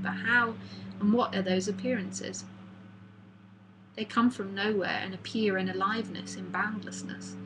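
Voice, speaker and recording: A woman's voice: medium pitch, steady tone, measured pace, background noise. A woman giving a live spiritual talk in a casual, chatty manner that circles back and repeats itself. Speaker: spiritual teacher.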